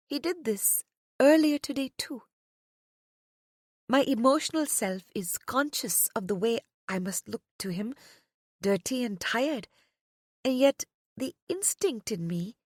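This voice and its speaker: A soft-spoken woman narrating a first-person romance audiobook, often dropping to a whisper. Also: on the high side, husky, no echo, studio quality.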